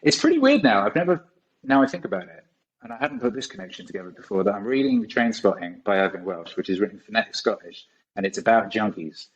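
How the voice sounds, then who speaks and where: A man's voice: lowish voice, animated, quick pace, vocal fry, highs cut off. A man in his forties, a guest on a podcast, telling rambling stories in a casual way and swearing often. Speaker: guest musician. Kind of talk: casual storytelling.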